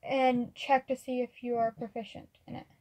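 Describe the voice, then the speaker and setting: High-voiced woman running a tabletop game. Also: level tone, moderate pace, dark tone, slight background noise, rough recording. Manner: casual, hesitant, filler-heavy narration. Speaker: game master.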